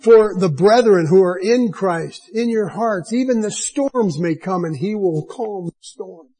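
Male preacher, higher voice, warm and mellow tone, slow earnest sermon delivery. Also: animated, slightly rough, rough recording.

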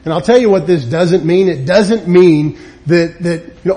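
In a church or meeting room, a man with a high-sitting voice preaches a sermon at normal speed. He is emphatic and acts out the people he quotes with lively swings.

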